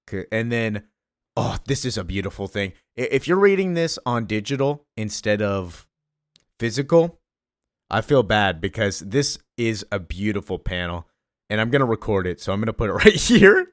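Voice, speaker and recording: A man recapping a comic book in a casual, excited way, gushing about it with lots of fillers. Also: lowish voice, normal speed, dry recording, clean studio sound.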